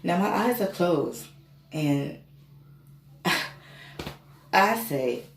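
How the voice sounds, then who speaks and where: A woman telling a personal story in a casual, animated and candid way, swearing freely. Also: sits low, very slow, pauses often. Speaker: spiritual reader and reiki healer. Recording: echoey room with faint noise.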